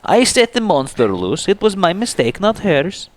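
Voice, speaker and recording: A man voicing a calm, regretful young male companion, speaking in a measured, apologetic way. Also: high voice, voice pushed up. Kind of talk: dramatic reading with character voices.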